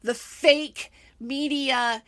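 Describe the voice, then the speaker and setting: Woman podcaster, bright tense voice, dry sound, heated solo rant. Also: sits high, steady tone, extremely slow, no room sound. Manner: indignant, heated, rambling with fillers. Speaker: podcast host.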